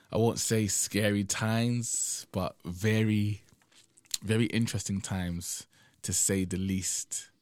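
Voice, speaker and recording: A man's voice: deep voice, a little mellow, no room sound. A young man hosting a casual solo podcast, rambling conversationally and often adding "man", sounding tired and drowsy. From United Kingdom. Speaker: podcast host.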